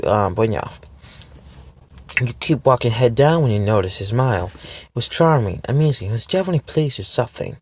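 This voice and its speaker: A man's voice: mid-range voice, darkish tone. A man reading a fan-fiction story aloud in a car, tripping over words and restarting lines as he goes. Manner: stumbling reading, frequent restarts and self-corrections. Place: parked car.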